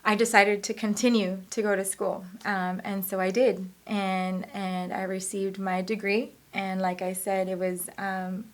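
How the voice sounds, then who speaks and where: A woman's voice: medium pitch, level tone, unhurried, hardly any pauses. A woman in her thirties telling her life story in an interview, earnest and emotional, often laughing as she speaks. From United States.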